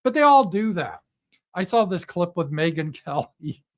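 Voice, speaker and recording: A man's voice: sits high, sing-song, moderate pace. A man giving an opinion commentary monologue in a sarcastic, mocking manner. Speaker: political commentator.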